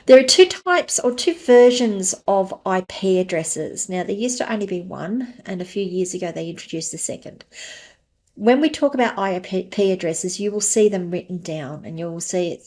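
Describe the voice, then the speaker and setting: A woman with a fairly low voice hosts her own podcast. She talks through technical ideas in a relaxed, conversational solo explainer style and reaches for everyday comparisons. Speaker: podcast host.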